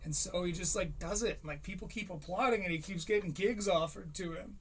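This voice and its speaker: A man's voice: sits high, fairly quick, slight background noise. A man in his thirties giving rambling, profane comedic commentary on a live stream. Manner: rambling, profane, animated impressions.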